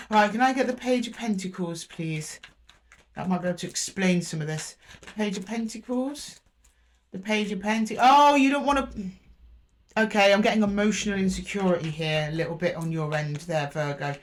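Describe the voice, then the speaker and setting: A woman's voice: medium pitch, a little hiss or hum. A woman giving a casual tarot reading, thinking aloud, repeating card names as she draws them and correcting herself with fillers. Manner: chatty and reassuring with frequent fillers and self-corrections. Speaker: tarot reader.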